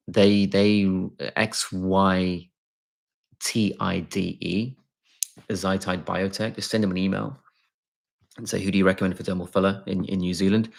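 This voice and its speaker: A man with a low voice and a gravelly fry hosts a relaxed live question-and-answer stream as a doctor. He reads viewer questions aloud and answers off the cuff, often restarting his sentences and filling pauses with ums. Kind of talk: casual live Q&A.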